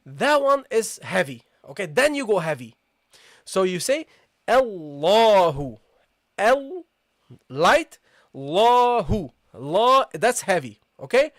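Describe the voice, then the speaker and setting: A recitation teacher leads a live online tajweed lesson, explaining patiently, checking in often with the class, speaking casually to listeners, and slowly repeating the target sounds. The voice is medium-pitched, sing-song, and a bit bright, with clean studio sound and no room sound.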